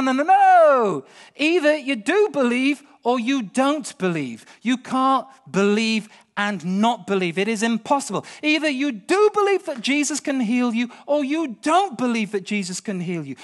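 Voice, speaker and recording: A middle-aged British man preaching a sermon, swinging between hushed storytelling and impassioned pleading. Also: very high voice.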